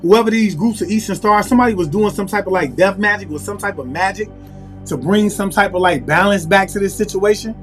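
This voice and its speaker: A man with a high-pitched voice gives a casual tarot reading, musing aloud and repeating himself as he calls on spirit. Soft music plays faintly behind him. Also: brisk. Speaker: tarot reader.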